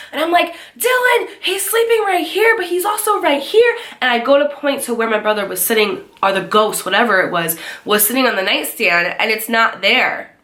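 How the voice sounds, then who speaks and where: A young woman telling a scary story to her viewers, animated and swearing, acting out the voices of the people in it. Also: a little high. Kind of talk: storytime chat to camera.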